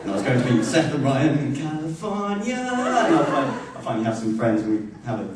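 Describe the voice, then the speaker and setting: A young comic with a mid-range, very lively voice that swings up and down as he builds his jokes. He is far from the mic in a roomy echoing hall, with crowd noise under him. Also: mid-range voice, fairly quick. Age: young adult. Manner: building, escalating delivery. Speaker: student stand-up comic. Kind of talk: stand-up comedy. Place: large university hall, live audience. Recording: echoey hall, distant mic, audience noise.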